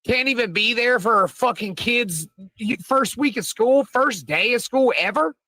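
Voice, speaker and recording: Man, radio guest, angry rant, profane, stammering, high pitch, dry. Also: lively intonation, moderate pace, sharp tone, no echo. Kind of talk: heated talk radio rant.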